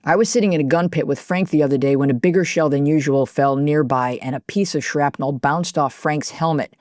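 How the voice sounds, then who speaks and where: A woman reading the wartime diary entries of a young male soldier in a plain, steady voice. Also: on the high side, brisk, dry recording, studio quality, lightly acted. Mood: matter-of-fact.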